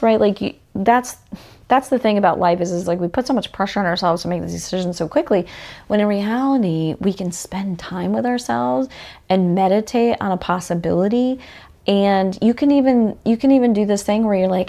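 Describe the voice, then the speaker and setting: A woman's voice: medium pitch, brisk, mellow. Chatty woman hosting a solo talk. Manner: chatty, frequent "like" fillers; talks directly to the listener with questions. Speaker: podcast host.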